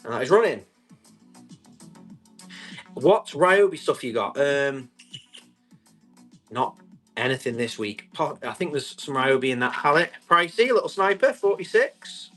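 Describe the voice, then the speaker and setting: A man, selling tools on a live stream, chatty and quick to describe each item and call out the bids. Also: mid-range voice, very animated, a bit bright, soft background music. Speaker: live auction seller.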